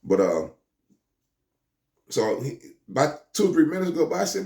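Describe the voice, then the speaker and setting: A man's voice: medium pitch, very animated, fairly quick, vocal fry, darkish tone, reverberant. A man telling a first-person street story in casual slang, often restarting his words and acting out what others said. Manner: stammering restarts, slangy, acts out the voices of others.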